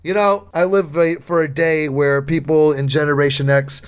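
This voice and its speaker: A man's voice: fairly high pitch, fairly even intonation, normal speed, clean tone. A middle-aged man hosting a podcast in casual chat, chatty and teasing, laughing often. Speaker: podcast host.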